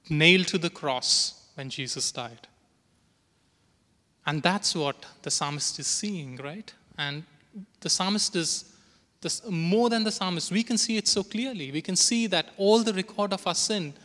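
A man's voice: fairly high pitch, pushed and bright. A man preaching a sermon, earnestly reading scripture aloud with emphasis. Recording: long hall reverb.

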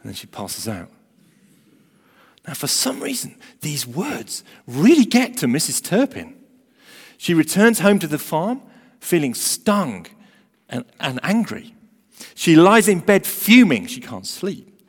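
A man preaching a sermon who tells a story emphatically, swinging between loud emphasis and hushed asides. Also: on the high side, wildly swooping pitch, takes it slowly, long pauses, breathy edge. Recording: long hall reverb.

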